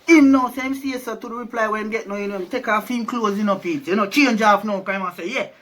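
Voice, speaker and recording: Jamaican male storyteller, high pitched, loose and conversational. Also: quick pace, fairly bright tone. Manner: chatty, keeps asking "you see me?". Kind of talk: casual storytelling.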